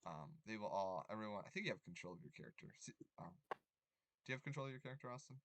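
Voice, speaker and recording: A young man running a tabletop game as game master, rambling with many ums and quick apologies. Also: on the low side, lively intonation, fairly bright tone, no echo.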